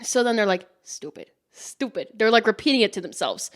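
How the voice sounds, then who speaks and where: A woman's voice: on the high side, big pitch swings, quick pace. A young woman hosting a podcast, telling stories in a casual chat, swearing and laughing often. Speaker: podcast host.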